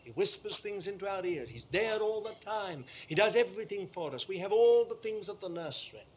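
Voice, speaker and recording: A man preaching a sermon with impassioned conviction, dropping to hushed tones and then rising to forceful, emphatic repetition. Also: high-pitched, animated, fairly quick, breathy edge.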